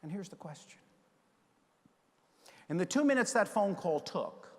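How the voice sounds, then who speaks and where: A middle-aged man giving a conference keynote, telling a story and acting out the dialogue with lively energy. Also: sits high, a little slow, long pauses. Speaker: keynote speaker. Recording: long hall reverb.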